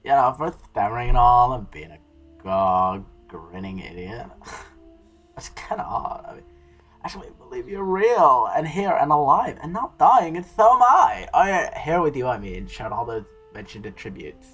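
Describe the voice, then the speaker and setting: Giddy, stammering young woman, gushing and breathy, a man reading her in a casual fan read of a webcomic. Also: medium pitch, very animated, a little slow, a bit bright, soft background music, full character voice. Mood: flustered. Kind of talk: casual read-aloud voice acting.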